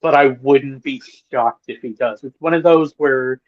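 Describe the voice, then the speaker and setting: An eager, opinionated man joins a casual round-table chat with a mid-range male voice. His audio comes through dull and lo-fi, with the highs muffled. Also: moderate pace. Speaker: panelist.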